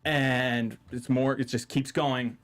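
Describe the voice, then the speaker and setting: A man hosting a podcast in a studio, telling a story in casual chat and acting out the people he quotes in loud, raised voices. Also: mid-range voice, a little fast. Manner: animated storyteller, acts out quotes loudly. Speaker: podcast host.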